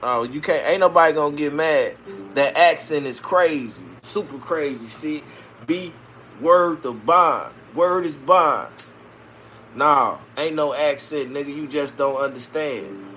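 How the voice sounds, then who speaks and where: Man, from Chicago, profane casual live-stream talk, slightly high-pitched, streetwise banter. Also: measured pace, bright, forceful tone, faint music behind. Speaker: livestream host reading viewer comments.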